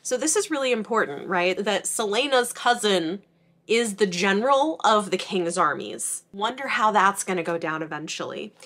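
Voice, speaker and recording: A woman hosting a book channel, chatting casually as she recaps chapters, mixing read passages with excited asides. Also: medium pitch, moderate pace.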